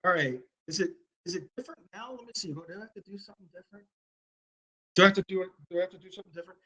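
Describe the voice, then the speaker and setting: A man's voice: high-pitched, racing, bright, forceful tone, husky, poor audio. A man hosting a live stream, talking to his viewers through a laptop's built-in mic, blunt and profane, repeating his questions at people in the chat.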